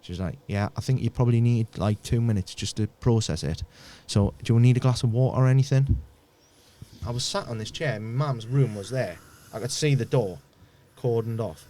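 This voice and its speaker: A man, a podcast guest, telling a painful personal story in a halting way, often repeating words and dropping almost to a murmur. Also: mid-range voice, dark tone.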